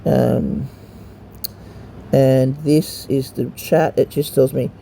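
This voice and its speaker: A man's voice: mid-range voice, fairly even intonation, slow, creaky, mellow, slight background noise. A man casually walking a friend through a mobile game, rambling and hesitant with lots of ums and restarts, and swearing now and then. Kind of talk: casual gameplay walkthrough.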